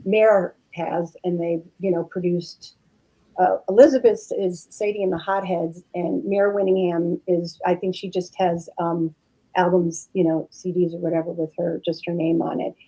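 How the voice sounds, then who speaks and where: Gravelly middle-aged woman, rambling chat. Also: fairly low pitch, little pitch movement, moderate pace, dark tone, rough recording. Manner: rambling with many fillers. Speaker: actress guest. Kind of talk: casual podcast chat.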